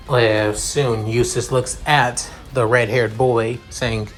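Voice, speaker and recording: A man narrating a fan fiction story in a halting way, with repeated connectives. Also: medium pitch, fairly even intonation, faint music behind. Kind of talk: story reading.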